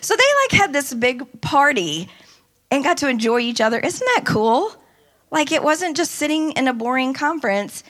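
A woman casually telling a lively story about a conference trip, often quoting people in animated voices. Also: sits high, normal speed. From United States. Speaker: speaker recounting a women's conference trip.

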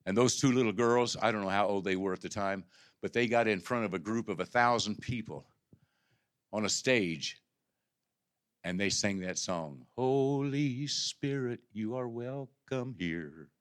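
A man preaching a sermon as pastor of his church, moving from low conversational talk to loud, impassioned climaxes with stammered restarts. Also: normal speed, long pauses. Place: church sanctuary.

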